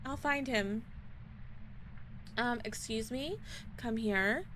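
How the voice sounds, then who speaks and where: Woman streamer, slightly high voice, slow flustered chat, faint noise behind. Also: a bit bright, low-quality recording. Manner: flustered, panicky, talks to chat. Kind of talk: casual live-stream chat. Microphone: desk microphone.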